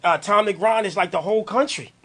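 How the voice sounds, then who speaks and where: A man hosting a podcast in casual chat, loose and hype, with announcer-style shout-outs. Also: sits high, a little fast. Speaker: podcast host.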